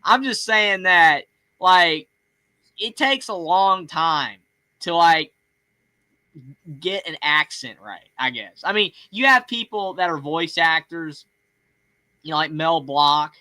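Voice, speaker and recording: A Southern man with a bright, sharp voice chats loosely as a call-in show host, rambling through fillers and restarts. His voice sits a bit high for a man and sounds close and dry. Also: expressive, takes it slowly, long pauses, no echo. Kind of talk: casual chat.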